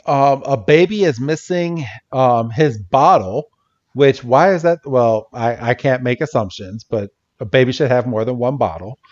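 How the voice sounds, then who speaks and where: A man's voice: medium pitch, unhurried, darkish tone. A man co-hosting a podcast, amused and laughing often as he retells scenes in casual chat. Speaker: podcast co-host. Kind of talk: casual episode recap chat. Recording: dull lo-fi audio.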